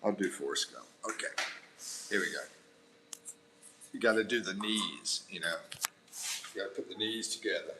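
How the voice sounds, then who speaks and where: A man's voice: sits low, moderate pace, long pauses, pushed and bright, slight background noise, poor audio. An American man hosting a casual livestream. He reads out viewer comments and jokes around, laughing often and calling people bro. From United States. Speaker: livestream host. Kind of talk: casual live chat reading viewer comments.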